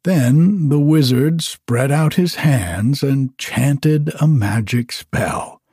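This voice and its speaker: Slow, mellow male storybook narrator. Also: mid-range voice, husky, no echo, studio quality. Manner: slow, measured reading.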